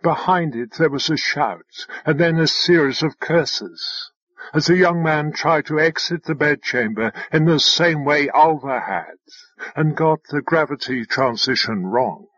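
A man narrates an audiobook at a slow, measured pace, his voice husky and pitched a little high. The recording is dry and somewhat dull, with no room around it. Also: a bit bright, no echo. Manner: measured, unhurried reading. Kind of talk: scripted narration.

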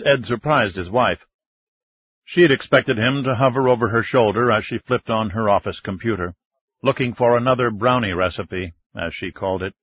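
A man narrating an audiobook in a measured, even reading, recorded close in a studio. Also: lowish voice, husky. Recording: dull, dry studio reading.

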